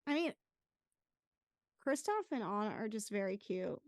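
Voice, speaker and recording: A young woman co-hosting a podcast, chatting casually through a movie watch-along with soft murmured reactions and chatty asides. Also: mid-range voice, sing-song, unhurried, no room sound, clean studio sound. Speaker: podcast co-host.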